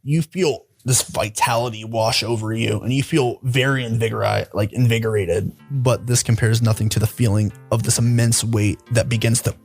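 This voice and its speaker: A man's voice: mid-range voice, fairly even intonation, moderate pace, gravelly, few pauses, a little mellow, breathy edge, faint music behind. A man narrating a tabletop game as dungeon master, in a casual, loose way with many fillers.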